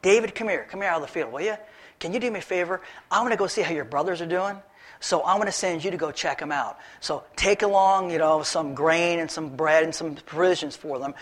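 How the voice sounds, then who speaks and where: A man's voice: on the high side, brisk. A man voicing a concerned father sending his youngest son to check on his brothers. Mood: worried. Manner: gentle, concerned. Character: worried older father of soldiers.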